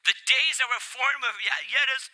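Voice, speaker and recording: An older man preaching a sermon, animated and playful, getting worked up as he speaks. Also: very high-pitched, normal speed, poor audio. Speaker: pastor.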